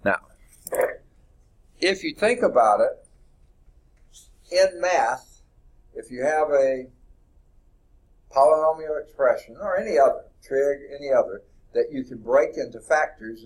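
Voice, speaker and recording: Man lecturing slowly at a board. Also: mid-range voice, darkish tone, slightly rough. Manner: deliberate, stretches words while writing on the board. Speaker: math instructor. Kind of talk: classroom lecture. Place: classroom.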